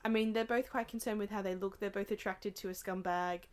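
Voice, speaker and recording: A woman's voice: medium pitch, steady tone, fairly quick, clean tone. A woman co-hosting a casual podcast, dry and teasing with an amused tone. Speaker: podcast co-host.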